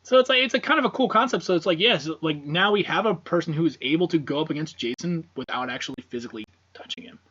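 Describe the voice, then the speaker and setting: A man talking in a loose, meandering way, full of "like" and "um", with frequent curse words. His voice sits a bit high for a man. The recording sounds muffled and lo-fi, like a home podcast setup. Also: fast, hardly any pauses, pushed and bright, breathy edge. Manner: rambling, profane, many fillers. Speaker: podcast co-host. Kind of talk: casual film discussion. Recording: dull lo-fi podcast audio.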